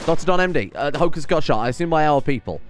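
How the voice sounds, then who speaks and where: A man giving casual let's-play commentary, often exasperated, swearing and swinging loud when things go wrong. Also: on the high side, animated, quick pace, faint music behind. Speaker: gaming commentator.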